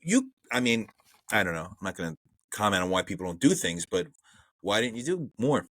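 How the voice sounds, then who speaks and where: A man's voice: fairly low pitch, sing-song, brisk, fairly bright tone, dry recording. A man co-hosting a podcast, chatting loosely about a movie, with fillers and self-corrections. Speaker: podcast co-host. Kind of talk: casual movie review chat.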